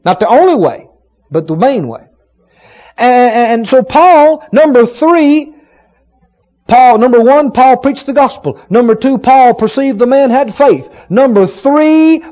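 A man preaching a sermon, retelling a story with emphatic, dramatic rising shouts. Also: extremely high pitch, lively intonation, a little slow. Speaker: pastor. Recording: dull lo-fi sermon recording.

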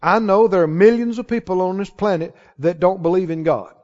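A male pastor preaching a sermon to a congregation, emphatic and rising to shouts on key lines. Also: high-pitched, fairly quick. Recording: dull sound with long hall reverb.

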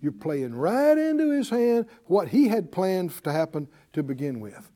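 A man teaching a Bible class as a sermon, animated and calling out to his class. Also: sits high, a little slow. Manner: animated, addresses the class, acts out panicked voices.

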